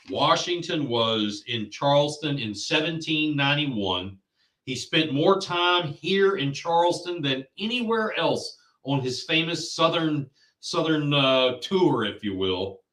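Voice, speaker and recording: A man's voice: on the high side, a bit bright, echoey room, distant mic, low-quality recording. A man hosting a political show, ranting in angry, insulting commentary. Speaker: podcast host.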